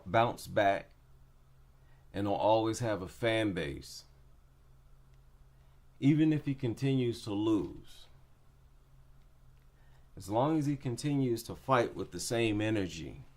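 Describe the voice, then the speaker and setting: A man giving a casual, opinionated breakdown of MMA fights, repeating his points for emphasis. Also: on the low side. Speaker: MMA commentator.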